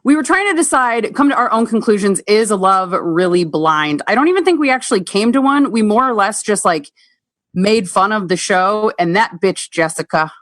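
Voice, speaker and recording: A woman's voice: mid-range voice, animated, normal speed, a bit bright, dry recording. A woman co-hosts in an upbeat, chatty way with a mid-range voice. Her voice is dry and close to the mic. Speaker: podcast co-host. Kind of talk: casual chat.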